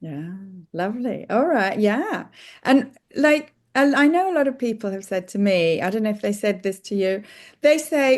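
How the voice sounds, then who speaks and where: A woman's voice: mid-range voice, animated, a little slow. A woman hosting a podcast interview who chats easily and affirms what her guest says. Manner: affirming, chatty. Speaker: podcast host. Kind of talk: casual interview chat.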